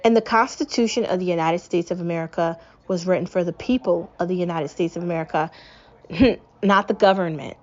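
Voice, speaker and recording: Speaking a little fast, this young woman from New England fills her solo podcast with an angry, profanity-laden political rant. Her voice sits on the low side with a slightly mellow tone, and the sound is lo-fi.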